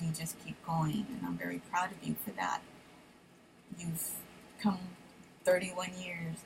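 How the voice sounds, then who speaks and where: Mother in her fifties, low gravelly voice, soft and halting, heartfelt message to her son. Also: background noise.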